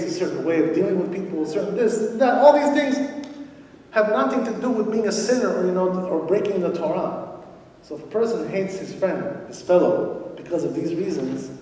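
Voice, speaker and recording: The rabbi's voice is fairly high with a dark tone, and there's slight background noise. He gives a conversational Torah lecture to a congregation in a synagogue hall one evening, often saying "you know" and posing rhetorical questions, recorded from afar in the echoey room.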